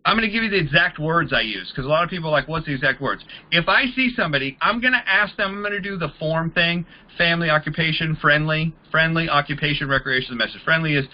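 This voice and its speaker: A man's voice: on the high side, fast talker, hardly any pauses, lo-fi sound. A man teaching a network marketing audience in a casual way, acting out both sides of the conversations he describes. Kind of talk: training talk to a group.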